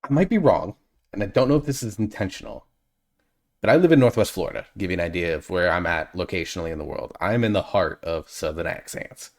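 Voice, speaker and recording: A man's voice: low-pitched, expressive, quick pace. A man hosting a reaction video, chatting casually and analytically and drifting off on tangents.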